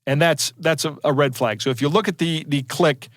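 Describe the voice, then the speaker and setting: A man's voice: a little high, brisk, no room sound, clean studio sound. A man co-hosting a podcast in casual chat, digressing and restarting his sentences, with a chuckle between points. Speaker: podcast co-host.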